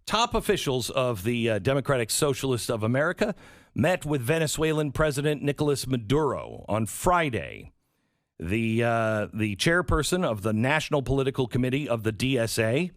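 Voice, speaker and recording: Animated sarcastic male commentary host. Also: medium pitch, moderate pace, no echo, studio quality. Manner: sarcastic, animated, mimics others in quotes. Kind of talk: political commentary monologue.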